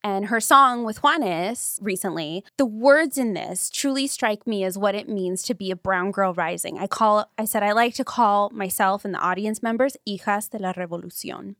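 Animated woman podcast host, dry close sound. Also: mid-range voice, normal speed, hardly any pauses, dry recording. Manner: animated, gushing storyteller. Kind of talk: casual interview chat.

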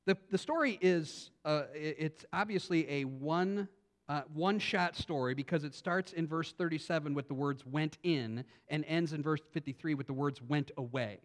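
A man's voice: a little high, normal speed. A man preaching a sermon as a pastor, speaking emphatically with frequent restarts and reading scripture dramatically aloud.

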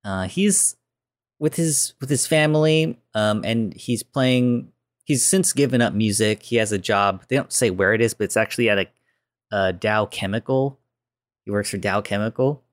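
A man co-hosting a podcast, casually retelling a film's plot in a relaxed, chatty way with filler words. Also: mid-range voice, dry recording, studio quality. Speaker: podcast co-host. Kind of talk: casual film recap chat.

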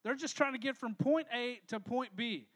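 High-voiced pastor joking with the room. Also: male voice, normal speed. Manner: energetic, joking, talks to the crowd with questions. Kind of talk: casual youth sermon. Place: church hall with a live audience.

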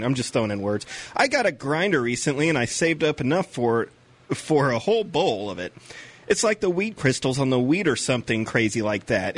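A man's voice: medium pitch, fairly bright tone. A man playing a clingy, lonely young man who insists he is popular, in an eager, overly sweet comedy sketch voice.

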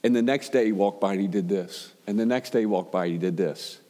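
A man's voice: lowish voice, fast, mellow, in a large hall. A man preaching a sermon in a conversational storytelling way, building up to rhetorical questions. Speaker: pastor.

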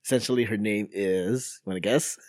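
A man's voice: on the low side, moderate pace, a little mellow, dry recording, studio quality. A man co-hosting a casual podcast, sharing odd news stories with many fillers and laughs. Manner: laughs often, trailing fillers. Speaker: co-host reading news items.

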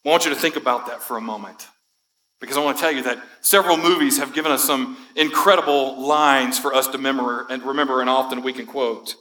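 A man's voice: mid-range voice, steady tone, fast, pushed and bright, poor audio. A man giving a conversational sermon as a pastor, building to emphatic lines. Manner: conversational, quotes movie speeches with rising emphasis. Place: church sanctuary.

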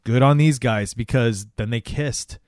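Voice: mid-range voice, measured pace, dry recording. Chill mid voice retelling a show, dry mic, lots of yeps. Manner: relaxed, frequent short agreements. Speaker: co-host recapping a show. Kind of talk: casual chat.

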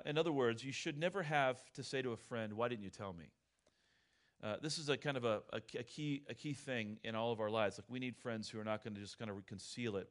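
A middle-aged man and pastor preaching a sermon in a candid, conversational storytelling way. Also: lowish voice.

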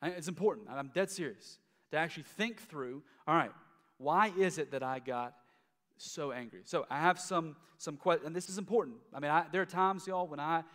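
A man preaching a sermon in a relaxed, conversational way, repeating and restarting his words as he goes. His voice sits a little high for a man. A long reverb trails after him, as in a large church hall. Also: brisk. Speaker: pastor.

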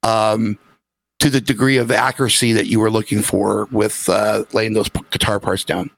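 A man interviewing a band in a casual way, halting and full of fillers as he asks questions. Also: on the low side, level tone, creaky. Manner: halting, many fillers and restarts.

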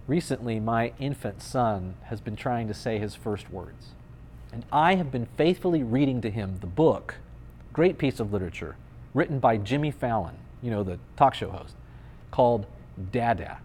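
A man's voice: mid-range voice, expressive, normal speed, a little mellow, a little hiss or hum. A man in his thirties, a pastor giving a conversational sermon with playful, dry humor.

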